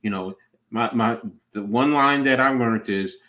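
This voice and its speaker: A middle-aged man with an ordinary mid-pitched voice talks earnestly as a podcast co-host. He gives practical advice in a casual chat, often restarting his sentences as he goes. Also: unhurried, fairly bright tone.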